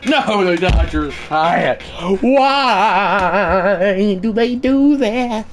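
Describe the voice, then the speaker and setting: A man streaming a baseball video game, calling the plays like a play-by-play announcer, shouting on big plays and muttering asides in between. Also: sits high, expressive, drawn-out words, a little hiss or hum. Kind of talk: live gameplay commentary.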